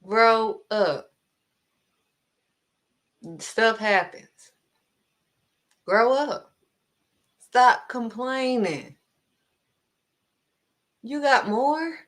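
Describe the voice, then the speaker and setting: A woman preacher gives an informal devotional message in a conversational style, emphatic and scolding as she hammers her points home with short, blunt words. Her voice is a little high and fairly bright, and she speaks very slowly, pausing often.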